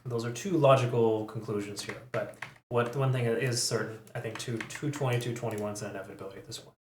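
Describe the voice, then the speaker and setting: A man's voice: mid-range voice, steady tone, fast talker, echoey room, background noise. Chatty man analyzing crypto charts. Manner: chatty, self-correcting, frequent fillers. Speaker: crypto analysis channel host. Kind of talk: casual chart analysis commentary.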